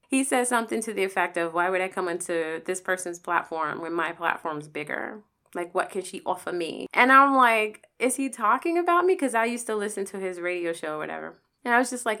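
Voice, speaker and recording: A woman with a gravelly, creaky edge in her voice tells a personal story in a casual monologue. She talks candidly and animatedly, swearing freely and acting out the quotes of the people in her story. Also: medium pitch, a bit bright.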